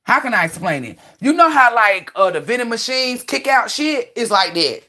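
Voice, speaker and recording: A woman hosting a livestream, rambling through stories in a loud, profane, animated way with many restarts. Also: a little high, moderate pace. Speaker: livestream host. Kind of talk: casual livestream storytelling.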